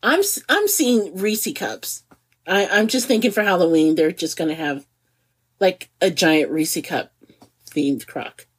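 A woman in her forties chats on a podcast with a slightly husky, breathy tone. Her pitch swings widely as she jokes. She laughs easily and speaks with no regional accent. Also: unhurried. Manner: animated and giggly, laughs often. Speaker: podcast co-host. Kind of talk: casual chat.

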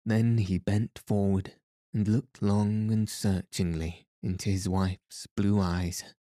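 A man's voice: on the low side, level tone, warm tone, no echo, studio quality. A man reading a bedtime story aloud as a sleep podcast narrator, in a soothing way. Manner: slow, soothing.

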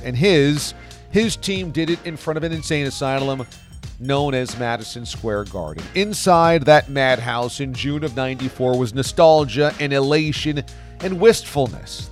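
A man hosting a sports podcast, reading a dramatic scripted intro with punchy delivery, then opening the interview. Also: medium pitch. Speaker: podcast host.

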